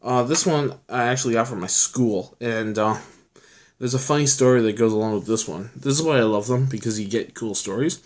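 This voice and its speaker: Casual vlogger, young adult male, mid-pitched, loose and rambling delivery. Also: brisk, a little mellow. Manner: rambling, filler-heavy, chatty storytelling. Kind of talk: casual chat showing his collection.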